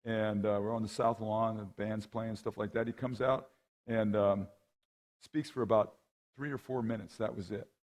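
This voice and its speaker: A man's voice: on the low side, normal speed. A middle-aged man, a rowing coach, giving a conversational storytelling talk at a men's conference and often checking in with "right?" and "okay?". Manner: lively, acts out the people in his anecdotes. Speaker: guest speaker and rowing coach.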